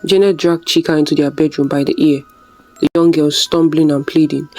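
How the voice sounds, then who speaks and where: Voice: mid-range voice, level tone, fairly quick, a little mellow, soft background music, low-quality recording. A storyteller narrating a scripted folktale in a dramatic, suspenseful way.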